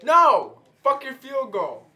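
Young man, gamer, swears and shouts at the screen, bright voice, animated pitch. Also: slow. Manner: loud, swearing outbursts at the game. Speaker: gamer co-host. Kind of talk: casual gameplay banter.

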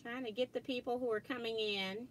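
A woman's voice: on the high side, steady tone, a little fast, a little hiss or hum, rough recording. A middle-aged woman hosting a casual quilting livestream, chatty and laughing often as she reads viewer comments aloud. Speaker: quilting channel host.

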